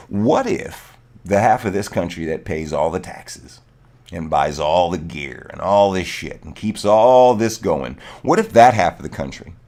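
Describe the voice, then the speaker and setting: A man's voice: deep voice, a little mellow. A man hosting a livestream, ranting heatedly in casual chat and swearing often. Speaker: livestream host. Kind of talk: casual political rant.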